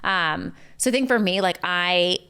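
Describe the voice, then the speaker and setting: A woman's voice: lowish voice, measured pace, creaky, sharp tone, clean tone. A woman guest in casual chat, telling stories with many "like" fillers. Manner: chatty storytelling full of "like" fillers. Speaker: podcast guest.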